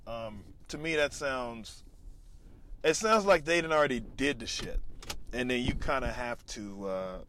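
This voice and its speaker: Recorded on a lavalier mic into a phone, a stand-up comedian vlogs casually, wandering off on profane tangents. His medium-pitched voice is unhurried, fairly bright and lively in intonation, with slight background noise.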